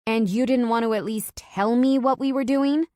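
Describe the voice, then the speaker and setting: A woman voicing an outraged young wife who shouts her words in a heated, raised voice. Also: on the high side, normal speed, no echo, clean studio sound, pitched above the performer's own voice, natural voice.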